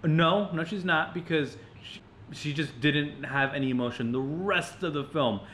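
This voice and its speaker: Young man, bright forceful voice, animated, laughing, casual movie chat, faint background noise. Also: on the high side, unhurried, echoey room. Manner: animated, laughing, swears a lot. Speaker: podcast co-host.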